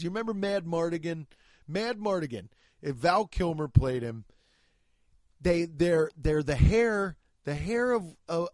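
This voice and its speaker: Man, 30s, podcast host; sweary, mocking rant; high-ish voice, dry close mic. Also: darkish tone, dry recording. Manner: profane, ranting, mocking.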